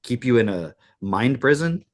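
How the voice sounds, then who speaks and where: A man's voice: mid-range voice, big pitch swings, a little slow. A man co-hosting a podcast in casual chat, talking in an emphatic, profane rant. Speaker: podcast co-host.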